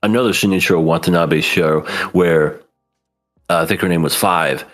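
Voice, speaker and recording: Soft music plays behind a podcast co-host, a man whose low-pitched, slightly bright voice moves at a moderate pace. He chats casually while reviewing anime, often laughing and performing characters' lines.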